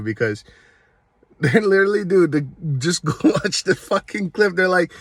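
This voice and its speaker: A man's voice: fairly high pitch, lively intonation, unhurried, pauses often, no room sound. A man hosting his own video show, delivering a heated, rambling rant full of constant swearing. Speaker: vlogger, show host. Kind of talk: profane comedic rant.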